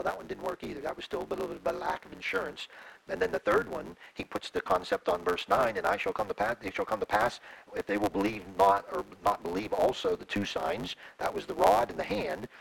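A man's voice: high-pitched, vocal fry, a bit bright, poor audio. A middle-aged man, a pastor, preaching a sermon in a folksy, conversational way.

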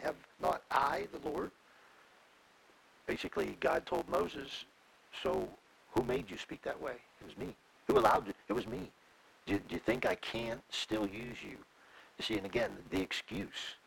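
Middle-aged male pastor, gravelly husky voice, lively folksy sermon delivery. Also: high-pitched, low-quality recording. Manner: folksy, conversational preaching with laughs.

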